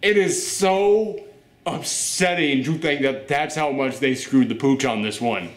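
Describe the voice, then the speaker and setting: A man's voice: mid-range voice, measured pace, echoey room. A man hosting a casual review chat, ranting in an exasperated way. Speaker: host.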